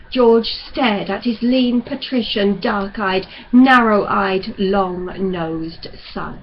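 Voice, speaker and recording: A woman reading a novel aloud in a slow, deliberate way. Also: medium pitch, lo-fi sound, a little hiss or hum. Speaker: audiobook reader. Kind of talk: novel narration.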